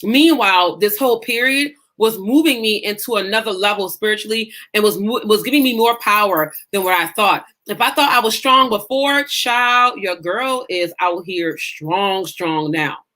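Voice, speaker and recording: A woman's voice: medium pitch, normal speed, few pauses, pushed and bright. A woman life coach giving a live-streamed coaching lesson, talking in an emphatic, folksy, preacher-like way. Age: adult mother.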